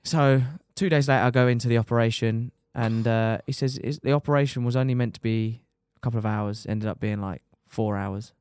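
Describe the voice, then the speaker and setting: A young man, a motorcycle racer telling his injury story on a podcast in lively, casual talk, swearing and dropping "mate" often. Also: mid-range voice, brisk, few pauses, smooth, no room sound, clean studio sound.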